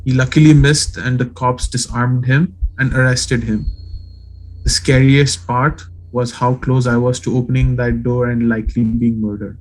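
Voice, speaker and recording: A man co-hosting a casual podcast who reads a horror story aloud in a slow, hushed creepy voice. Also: medium pitch, level tone, faint music behind, rough recording. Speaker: podcast co-host.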